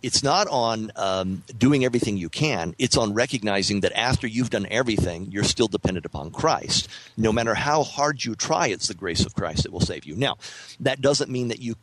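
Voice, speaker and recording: A low-pitched man speaks in a measured, thoughtful way in a relaxed podcast chat. He often pauses and restarts as he works through a point. The sound is dry and close, with no room in it. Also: no echo, poor audio. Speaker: author guest on a podcast. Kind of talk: casual podcast conversation.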